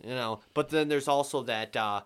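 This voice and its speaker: Fast-talking New man. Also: medium pitch, clear, resonant tone. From New England. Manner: fast-talking, swears casually, reads stories aloud. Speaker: podcast co-host. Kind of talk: casual podcast chat and story reading.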